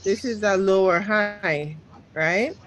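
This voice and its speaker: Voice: medium pitch, takes it slowly, a bit bright, slight background noise, low-quality recording. A trading teacher leading a live lesson, drilling questions and repeating them until the student answers firmly.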